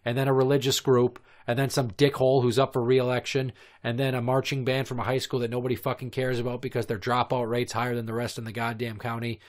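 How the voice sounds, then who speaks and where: Male podcast host in his thirties, mid-pitched, crude comic storyteller who rambles in long profane rants. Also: monotone, quick pace, few pauses.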